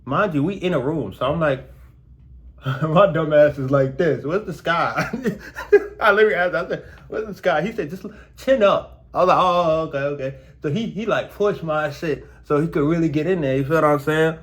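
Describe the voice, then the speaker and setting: A young man vlogging casually to his viewers about his dental work, slangy and animated, his mouth still sore. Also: on the high side, normal speed. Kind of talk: casual storytelling vlog.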